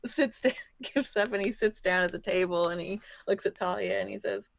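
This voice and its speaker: A player in a tabletop game describing his character's actions hesitantly, with many pauses and fillers. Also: high voice, vocal fry, fairly bright tone.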